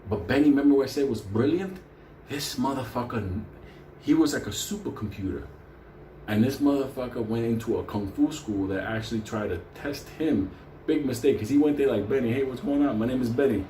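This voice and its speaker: A middle-aged man tells a crude, rambling story, swearing constantly and laughing often. His mid-range voice is dark-toned with lively intonation and a slightly fast pace. The recording has a roomy echo with a faint hum.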